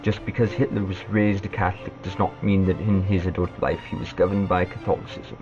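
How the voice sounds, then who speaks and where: A man's voice: sits low, level tone, fairly quick, muffled recording, music in the background, lightly acted. A man putting on a quasi-British accent to voice a prim male debate opponent in a lecturing, parodying tone. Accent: put-on quasi-British.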